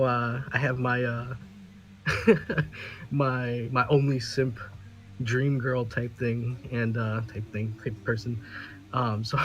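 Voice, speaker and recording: A man's voice: mid-range voice, a bit bright. A man on a podcast, telling a story in casual chat, often laughing and swearing, with many restarts. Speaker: podcast regular.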